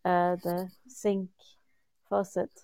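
A woman's voice: lowish voice, flat delivery, slow, dark tone. A playful, upbeat woman in casual chat.

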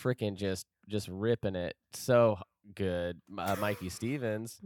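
A man hosting a comedy podcast in a studio, gravelly from smoking, rambling with many fillers and laughs. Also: lowish voice, takes it slowly, darkish tone, no room sound. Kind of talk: casual comedy chat.

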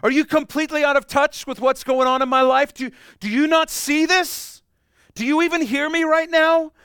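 A man's voice: very high-pitched, fairly even intonation, normal speed, a bit bright, dry recording, clean studio sound, voice pushed up. A man voicing a frightened, panicked person pleading frantically with God during a sermon. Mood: frantic pleading.

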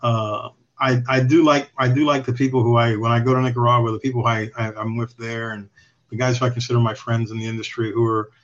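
A man's voice: medium pitch, flat delivery, fast. A man guest telling stories in casual chat, rambling and swearing with chuckles. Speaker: podcast guest. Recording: slightly dull lo-fi recording.

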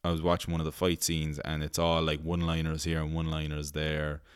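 A man's voice: rumbling low, monotone, fairly quick, clean tone, no room sound, studio quality. A male podcast host rambling in casual chat, laughing easily and swearing freely.

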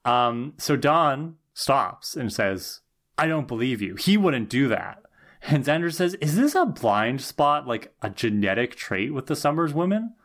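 A man co-hosting a podcast, walking through a TV episode's plot in casual chat, earnest and quick to get indignant. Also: mid-range voice, very animated, fairly bright tone. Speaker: podcast co-host.

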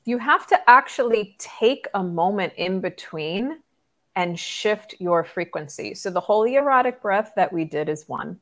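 Expressive woman spiritual mentor. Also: medium pitch, a little slow. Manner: earnest, expressive, laughs easily. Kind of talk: conversational podcast interview.

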